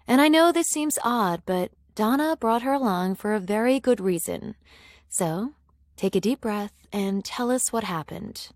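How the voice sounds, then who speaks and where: A woman's voice: medium pitch, animated, measured pace, dry recording, studio quality, natural voice. A woman voicing a resigned female friend complaining about men.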